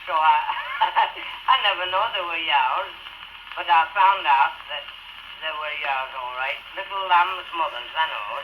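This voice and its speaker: A man's voice: measured pace, sharp tone. A man playing a cheerful, simple young Yorkshire shepherd with a northern dialect, chuckling as he talks, in a comic music-hall monologue. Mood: boastful. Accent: northern English dialect. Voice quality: high chirpy voice, chuckling between lines. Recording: scratchy early 78 rpm record.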